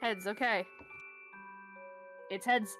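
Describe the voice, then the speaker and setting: A woman's voice: medium pitch, steady tone, takes it slowly, a bit bright, faint music behind. A woman player in a tabletop game, joking and teasing the others. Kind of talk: casual tabletop game chat.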